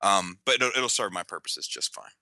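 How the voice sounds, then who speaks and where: A man's voice: low-pitched, animated, normal speed, vocal fry, pushed and bright, dry recording, clean studio sound. A man co-hosting a podcast, telling a story in casual banter, rambling with many fillers. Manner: rambling, filler-heavy, many likes and ums. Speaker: podcast co-host.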